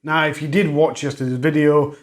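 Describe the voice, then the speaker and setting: A man's voice: a little high, level tone, brisk. A man hosting a true crime channel, talking viewers through a case update in a conversational way and correcting his own earlier slips. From England. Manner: conversational, recapping and correcting himself, regional grammar.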